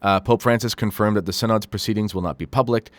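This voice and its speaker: Low-voiced man reading and critiquing news. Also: steady tone, fast talker, no echo. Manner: critical, sarcastic asides, frequent fillers. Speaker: host.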